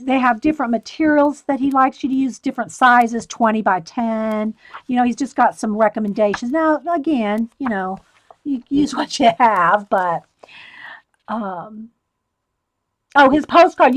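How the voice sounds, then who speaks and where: A woman's voice: fairly high pitch, poor audio. A woman, an artist, chatting casually on a livestream and reading aloud from an art book, interrupting herself with asides and laughs.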